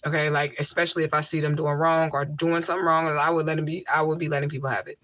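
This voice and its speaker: Her voice is deep and her delivery flat and quick, with a touch of brightness and no room sound at all. She's the host of a laid-back livestream, replying to viewers through a mic with a DIY tissue filter, blunt and fond of repeating herself to drive a point home.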